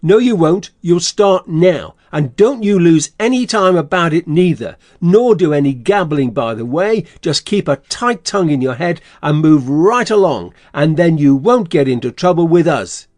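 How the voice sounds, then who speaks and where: An actor playing a scheming, bossy swindler in an audiobook, blustering and threatening. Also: male voice, fairly high pitch, lively intonation, moderate pace, hardly any pauses, a little mellow, no room sound, lightly acted. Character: scheming middle-aged male swindler, gruff and bossy. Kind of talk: audiobook character reading.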